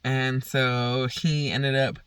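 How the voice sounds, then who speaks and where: A man's voice: mid-range voice, flat delivery, takes it slowly, fairly bright tone, clean tone. A young man casually telling a rambling, profane story on his vlog, often laughing. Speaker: vlogger.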